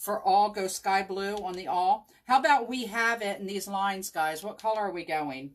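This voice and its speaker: A woman's voice: medium pitch, moderate pace. A woman running a live crafting tutorial at home, chatting with viewers, thinking aloud and answering them by name. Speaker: chalk craft demonstrator. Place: home craft table with her dog at her feet.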